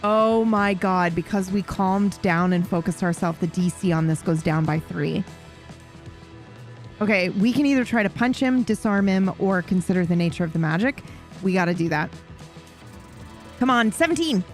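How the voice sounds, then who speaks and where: A woman's voice: mid-range voice, normal speed, soft background music. A woman streamer playing a game live, chatting expressively, swearing freely and reading the game text aloud.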